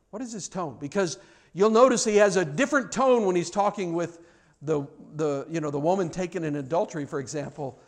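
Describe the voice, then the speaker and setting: A middle-aged man preaching a sermon as pastor, earnest and animated, often repeating words as he restarts his sentences. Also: fairly high pitch.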